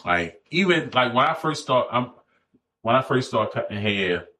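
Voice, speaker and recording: A man in his forties telling animated, profane barbershop stories as a podcast guest, acting out other people's lines. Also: medium pitch, moderate pace. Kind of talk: casual storytelling chat.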